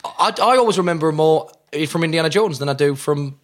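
Excitable regional British man, co-host. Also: fairly high pitch, a little fast. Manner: excitable, stumbling restarts, frequent laughs. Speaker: podcast co-host. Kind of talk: casual chat.

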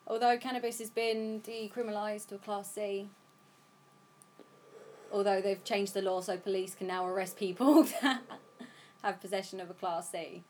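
A woman's voice: medium pitch, steady tone, moderate pace, darkish tone, a little hiss or hum. A young British woman co-hosting a casual podcast, giggly and easygoing, chiming in often. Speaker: podcast co-host. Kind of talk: casual chat.

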